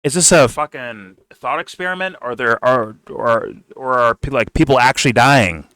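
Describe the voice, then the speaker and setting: A man's voice: medium pitch, moderate pace, pushed and bright, no room sound, clean studio sound. A man commenting on a debate clip in a blunt, profane, exasperated rant.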